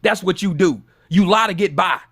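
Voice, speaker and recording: A man's voice: normal speed, a bit bright, husky. A man ranting angrily on a gig-work commentary channel, swearing constantly and mocking others in put-on voices. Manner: profane, heated, mocks others in squeaky voices.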